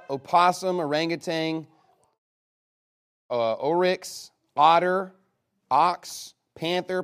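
A man with a slightly raised pitch runs a casual guessing game with a live audience. He rattles through a long list and keeps cutting in with quick, jokey comments. His tone stays loose and conversational. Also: smooth. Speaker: game leader reading out his list to players.

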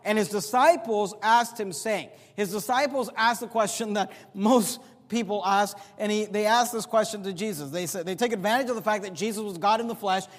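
A man preaching a sermon as a pastor, swinging from loud emphatic peaks to low quiet asides, with some sarcasm. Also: moderate pace, few pauses, long reverb tail.

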